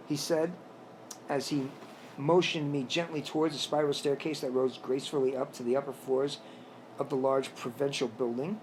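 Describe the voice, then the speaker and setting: A man narrating his own storybook tale in a plain, slightly halting reading voice. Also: mid-range voice, fairly even intonation, a little hiss or hum, rough recording. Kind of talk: reading a self-written story aloud.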